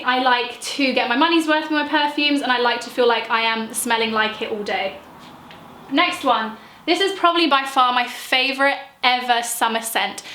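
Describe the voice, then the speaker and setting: Chatty young woman, bright and echoey. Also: a little high, a little hiss or hum. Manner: gushing, rambling, lots of fillers. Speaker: beauty vlogger. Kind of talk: chatty product review vlog.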